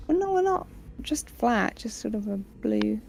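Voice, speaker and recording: A woman's voice: fairly high pitch, gravelly. A young woman playing in a tabletop game, chatting playfully and animatedly. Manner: playful, animated, quick to laugh. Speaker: player. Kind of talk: casual tabletop game chat.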